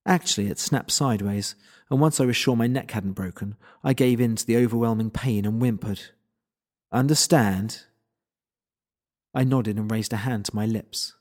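A man's voice: on the low side, fairly quick, a little mellow. Wry man narrating a story. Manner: wry, self-deprecating. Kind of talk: first-person audiobook narration.

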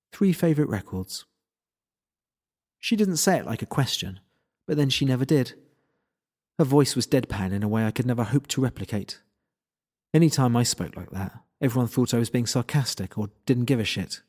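A man's voice: medium pitch, a little mellow. A man narrating a first-person story in a wry, self-deprecating way.

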